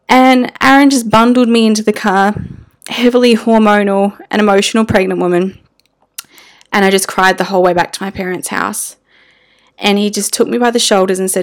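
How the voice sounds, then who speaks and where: A woman's voice: mid-range voice, steady tone, moderate pace. A young woman speaking as a mother, telling her family's story in a candid, emotional way with casual slang and fillers.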